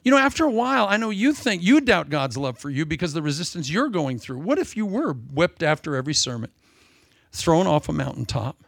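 A man preaching a sermon as pastor, animated and playful, acting out little quoted exchanges. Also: fairly high pitch, brisk, creaky, no echo, clean studio sound.

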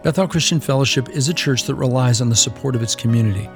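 A man preaching a sermon as pastor, animated and playful, acting out little quoted exchanges. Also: medium pitch, quick pace, gravelly, soft background music.

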